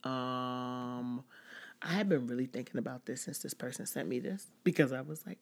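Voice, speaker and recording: A woman's voice: extremely low pitch, unhurried. A woman hosting a casual personal podcast, talking candidly and rambling with many "like"s. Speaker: podcast host.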